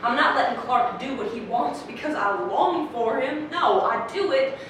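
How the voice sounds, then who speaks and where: An actress playing Cecilia, a sharp-tongued, independent frontier woman who speaks firmly and defiantly, recorded on a stage from a distance. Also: high-pitched, expressive, normal speed. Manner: firm, defiant. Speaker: actor. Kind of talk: stage drama performance. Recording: roomy stage audio from a distant mic with noise.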